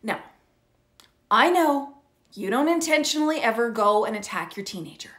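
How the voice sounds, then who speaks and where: A woman's voice: a little high, animated, normal speed, a bit bright. A middle-aged woman coaching parents in an earnest teaching talk, often checking in with "okay?" and "right?". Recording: roomy echo.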